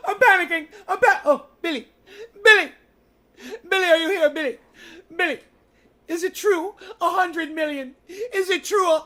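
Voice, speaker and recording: A man's voice: moderate pace, long pauses. A man putting on a frantic, theatrical voice, crying out in mock panic for a missing helper. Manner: shrill, shouting, mock-archaic, laughing while panicking.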